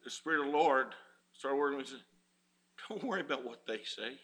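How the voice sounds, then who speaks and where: A man's voice: mid-range voice, fairly quick, bright, forceful tone. A man preaching a sermon as pastor, folksy and rising in fervor.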